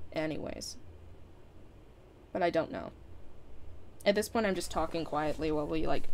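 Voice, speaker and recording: A woman's voice: lowish voice, gravelly, a little hiss or hum. A young woman chatting casually as a live streamer winding down her stream, rambling with lots of fillers and frequent laughs.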